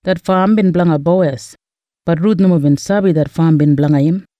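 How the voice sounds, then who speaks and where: A man with an Australian Kriol accent narrating a Bible story in measured storytelling. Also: fairly high pitch, warm tone, no echo, lo-fi sound.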